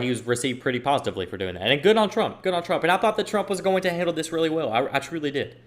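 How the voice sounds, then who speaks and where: A man's voice: medium pitch, fairly bright tone. A man hosting a solo podcast, giving opinionated commentary and repeating his points for emphasis. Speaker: podcast host.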